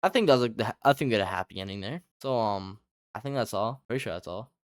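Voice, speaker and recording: Fast rambling young man, dry sound. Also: on the low side, animated, no room sound. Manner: rambling, heavy filler "like", lots of swearing. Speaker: storyteller. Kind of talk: casual storytime chat.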